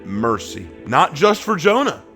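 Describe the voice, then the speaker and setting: A man teaching a Bible study in a sermon style, swinging between emphatic bursts and slow, hushed phrases and acting out the people he quotes. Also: on the high side, soft background music. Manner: acts out quoted speech with lively shifts in voice.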